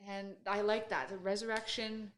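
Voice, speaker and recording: A woman's voice: mid-range voice, fairly even intonation, normal speed. A woman co-hosts a casual faith discussion, rambling through a story with plenty of fillers. She sits away from the mic in a strongly echoing room. A faint hiss runs underneath. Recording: echoey room, distant mic, faint noise.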